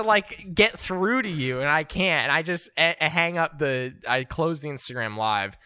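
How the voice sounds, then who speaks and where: A man from New Jersey co-hosting a podcast, telling a story with lively laughs. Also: high voice, normal speed, clear, resonant tone, no echo. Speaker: podcast co-host. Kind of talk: casual chat.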